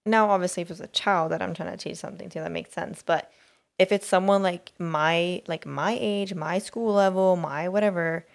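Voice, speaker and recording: A woman's voice: fairly low pitch, steady tone, moderate pace, vocal fry. A woman co-hosting a podcast, talking in a rambling, hesitant way and searching for her words. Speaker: podcast co-host. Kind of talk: casual chat.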